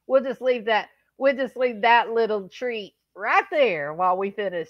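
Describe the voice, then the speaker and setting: A woman's voice: a little high, expressive, unhurried, no echo, muffled recording. A woman hosting a livestream, chatting and joking with her viewers. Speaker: livestream host. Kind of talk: casual chat.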